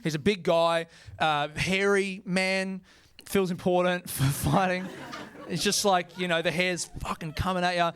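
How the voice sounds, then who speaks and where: A man's voice: high-pitched, fairly even intonation, a little slow, fairly bright tone, clear, resonant tone. A young Australian man doing a stand-up comedy set on a club stage, crude and self-mocking, often breaking off to laugh at himself. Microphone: handheld stage mic.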